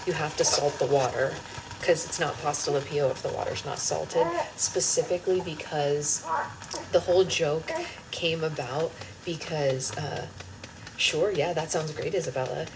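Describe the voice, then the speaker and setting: A woman's voice: deep voice, moderate pace. A young woman hosting a live book club stream from home, chatting casually and rambling between comments and her baby. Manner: chatty, rambling, talks in sing-song baby talk to her infant. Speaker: book club livestream host. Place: home kitchen. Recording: loud air-conditioning hum behind.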